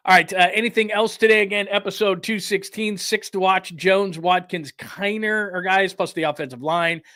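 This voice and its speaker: A man's voice: sits high, normal speed, pushed and bright, no room sound, studio quality. A man hosting a sports podcast in a casual, chatty, rambling way. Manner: chatty, rambling, laughs easily.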